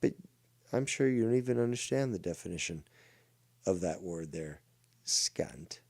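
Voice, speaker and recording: A man's voice: sits low, animated, unhurried, gravelly, darkish tone, no room sound. A man from Ontario, hosting a ranting commentary show with a mocking, profane, insulting manner. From Ontario, Canada.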